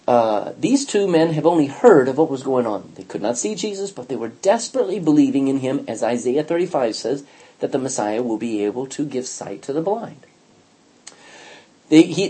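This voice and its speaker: Man, Bible study teacher, emphatic, repetitive, questioning, lively pitch, husky. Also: normal speed. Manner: emphatic, repeats key words, asks the class questions.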